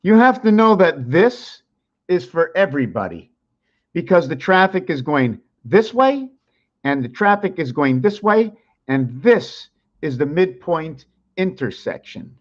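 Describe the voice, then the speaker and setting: A man's voice: a little high, sing-song, a little slow. A man hosting his own channel who explains things while drawing, thinking aloud in a wandering way and repeating words. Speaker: channel host. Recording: dull lo-fi sound.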